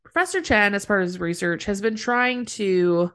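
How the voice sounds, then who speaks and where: A woman's voice: medium pitch, expressive, moderate pace, fairly bright tone, clean tone. A woman co-hosting a podcast, recapping a TV episode in casual chat and laughing often mid-sentence. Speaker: podcast co-host.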